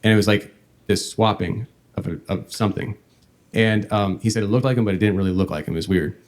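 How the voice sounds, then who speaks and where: A man hosting a podcast, telling a long story in a meandering, halting way. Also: fairly low pitch. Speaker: podcast host.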